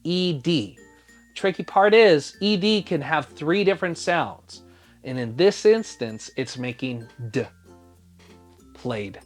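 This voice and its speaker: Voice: mid-range voice, lively intonation, slow, faint music behind. A teacher giving a phonics spelling lesson for young children, sounding out each letter patiently and asking the listener to spell along.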